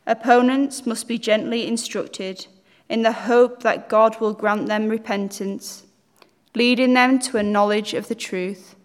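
A woman reading a Bible passage aloud at a steady, measured pace. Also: medium pitch. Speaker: Bible reader. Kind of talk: scripture reading. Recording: church hall reverb.

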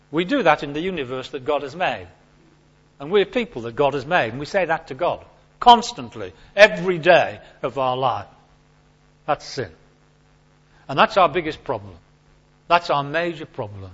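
Animated high-voiced male preacher. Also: normal speed, long pauses, highs cut off. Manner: animated, emphatic, repeats key points. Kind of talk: sermon.

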